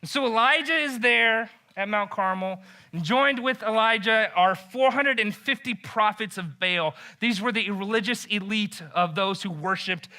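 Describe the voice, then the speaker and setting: A man preaching a casual sermon, retelling a story in an animated, joking way and saying "like" a lot. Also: sits high, normal speed. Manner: animated and joking, heavy use of "like". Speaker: pastor.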